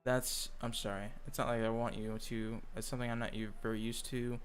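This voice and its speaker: Brief: a man voicing a shy bookish girl, hesitant and apologetic, mid pitch. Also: flat delivery, a little fast, soft background music, close to an everyday voice. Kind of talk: reading a game character aloud.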